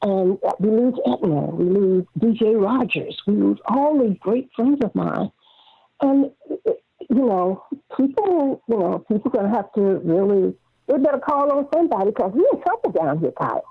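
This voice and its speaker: Animated older woman on a phone line. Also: mid-range voice, normal speed, vocal fry, breathy edge, no room sound. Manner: animated storyteller, acts out quotes. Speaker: guest singer. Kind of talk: casual interview over the phone.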